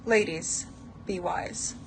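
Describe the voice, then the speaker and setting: Earnest woman giving advice. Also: takes it slowly. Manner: earnest, lecturing. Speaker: advice vlogger. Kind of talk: monologue to camera.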